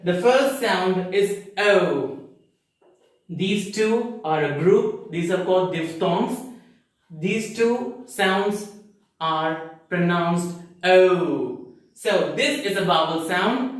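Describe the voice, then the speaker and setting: A man's voice: sits high, fairly bright tone. A man teaching English pronunciation in an online lesson, who asks rhetorical questions and answers them himself with careful explanations. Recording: very echoey room, mic far off.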